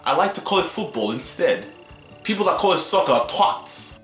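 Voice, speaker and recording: A man's voice: fairly high pitch, sing-song, normal speed, fairly bright tone. A man voicing a snooty British football fan in a put-on, raised British accent. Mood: cheeky. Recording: roomy, faint music.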